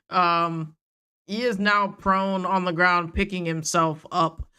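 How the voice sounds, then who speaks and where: Slow-talking casual woman game master. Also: fairly low pitch, fairly even intonation, bright, forceful tone, clear, resonant tone. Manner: casual and rambling, with frequent fillers and laughs. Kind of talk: narrating a tabletop game.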